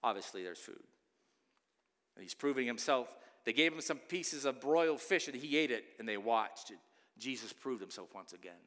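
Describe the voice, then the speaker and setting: A man preaching an Easter sermon as a pastor, swinging into loud pleading outbursts between quieter stretches. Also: medium pitch, animated, normal speed. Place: church sanctuary. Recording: long church reverb.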